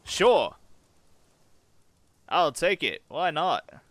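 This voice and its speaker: A man casually commenting on a strategy game and reading its event texts aloud, muttering quick reactions as he plays. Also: mid-range voice, lively intonation, pushed and bright, dry recording. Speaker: gaming channel host.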